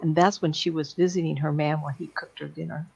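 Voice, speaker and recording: A woman's voice: deep voice, flat delivery, brisk, creaky, darkish tone, breathy edge, lo-fi sound. A woman psychic medium telling chatty, rambling stories and acting out the voices of the people in them. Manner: chatty, laughing, acts out quoted voices. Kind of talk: rambling anecdotal storytelling.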